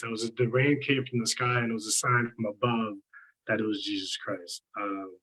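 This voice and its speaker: A man's voice: lowish voice, steady tone, moderate pace, a bit bright, low-quality recording. A man doing a stand-up set over a video call, rambling with lots of "like" and "um". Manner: rambling, filler-heavy, lots of "like" and "um". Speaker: stand-up comedian.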